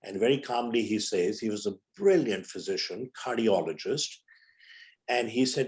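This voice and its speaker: A man's voice: fairly low pitch, animated, normal speed, darkish tone. A man in his seventies from India, a physician and guest on an interview, telling stories and acting out the dialogue. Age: 70s. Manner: vivid storyteller who acts out quoted dialogue. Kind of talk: storytelling in a conversational interview.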